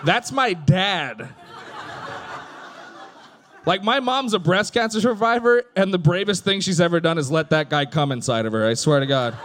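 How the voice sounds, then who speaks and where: A man in his thirties doing stand-up, telling a family story deadpan and putting on voices for the punchlines. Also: high voice, normal speed, background noise. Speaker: stand-up comedian.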